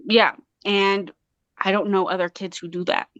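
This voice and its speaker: Earnest woman from Colorado, smooth voice. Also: medium pitch, fairly even intonation, moderate pace, fairly bright tone, no room sound, muffled recording. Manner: earnest, impassioned, many restarts. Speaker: guest artist and mother. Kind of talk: casual interview talk.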